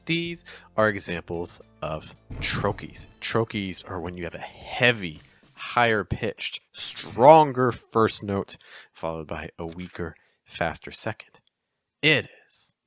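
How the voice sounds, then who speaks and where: A man explaining poetic meter in a chatty, encouraging video lesson, acting out the stresses with exaggerated rises and falls in pitch. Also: big pitch swings, takes it slowly, soft background music. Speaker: poetry teacher.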